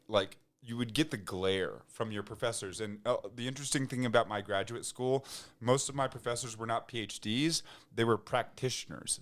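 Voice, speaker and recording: A man, a podcast guest, talking in a loose casual way with many restarts and fillers. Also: mid-range voice. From United States. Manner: rambling, frequent restarts and fillers, laughs when excited. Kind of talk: casual conversation.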